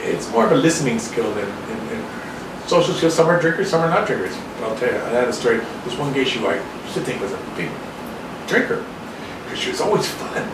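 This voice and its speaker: A man from Canada giving a casual talk to a small audience in a restaurant, rambling and animated, often acting out other people's voices. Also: medium pitch, brisk. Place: restaurant room. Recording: echoey room, distant mic, background noise.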